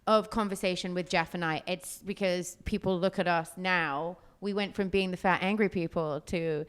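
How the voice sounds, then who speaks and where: A woman's voice: on the low side, fairly even intonation, moderate pace, clear, resonant tone. Female co-host, thirties, blunt, teasing, casual swearing. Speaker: podcast co-host. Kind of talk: casual chat.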